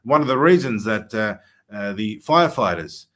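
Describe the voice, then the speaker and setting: Male host, low-ish voice, earnest delivery with many pauses. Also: expressive, fairly bright tone. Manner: earnest, many filler uhs, rising emphasis. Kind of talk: political talk show.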